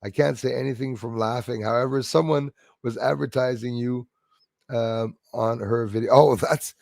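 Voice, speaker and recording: A man's voice: medium pitch, fairly even intonation, normal speed, gravelly, a little mellow, dry recording, clean studio sound. A man hosting a live stream, chatting casually, laughing easily and thanking viewers by name. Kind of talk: casual chat reading viewer comments.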